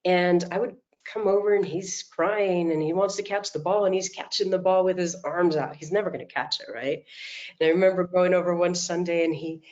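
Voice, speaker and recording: A middle-aged woman coach giving an animated motivational talk, telling stories and acting out quotes, over a video call. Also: lowish voice, fairly quick, muffled recording. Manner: animated storytelling, acts out quotes.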